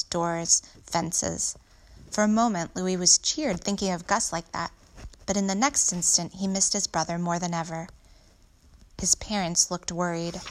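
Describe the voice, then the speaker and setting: Lady reading a kids novel out loud, steady, fixes her slips, voice on the low side. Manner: steady, with small slips and corrections. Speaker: audiobook reader. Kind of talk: reading a children's novel aloud.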